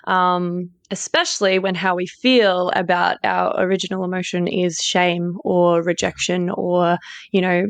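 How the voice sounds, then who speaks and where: A woman's voice: fairly low pitch, flat delivery, measured pace, gravelly, smooth, dry recording. A woman hosts a podcast in an open, casual way. She swears now and then, fills gaps with ums and you-knows, and sounds dry and close to the mic. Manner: candid, swears casually, fillers. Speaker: podcast host. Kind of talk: casual conversational interview.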